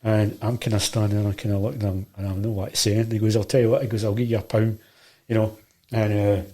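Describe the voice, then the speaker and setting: A man's voice: fairly low pitch, little pitch movement, quick pace, dark tone. A middle-aged man with a Glaswegian accent, telling rambling stories in casual conversation, full of restarts and quoted dialogue. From Scotland. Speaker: guest, martial arts teacher. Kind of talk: casual storytelling.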